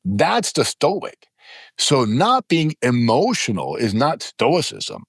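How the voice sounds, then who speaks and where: Animated storytelling man in his fifties. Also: medium pitch, takes it slowly, breathy edge, no echo, clean studio sound. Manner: emphatic, dramatizes stories with quoted voices. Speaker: podcast guest. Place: podcast studio.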